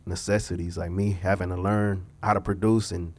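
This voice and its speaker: A man's voice: deep voice, little pitch movement, normal speed, a little mellow. A young man from Los Angeles, a singer and songwriter, chatting as a guest in a laid-back, reflective way with loose slang. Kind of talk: casual podcast conversation.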